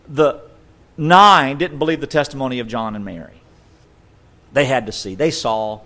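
A man's voice: medium pitch, moderate pace, pushed and bright. A male pastor preaching a sermon emphatically, repeating phrases and stopping to correct his own words. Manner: emphatic, repetitive, self-correcting.

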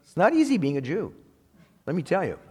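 A man's voice: a little high, huge pitch swings, a little fast, mellow, husky. A middle-aged man giving an emphatic sermon in a church, quoting scripture and often repeating words as he restarts. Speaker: preacher teaching a church audience. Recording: hall with long reverb.

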